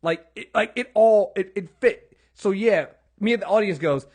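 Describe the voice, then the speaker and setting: A man co-hosting a casual TV recap podcast, rambling and animated, swearing freely and acting out characters' lines. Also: sits high, unhurried. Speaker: podcast co-host.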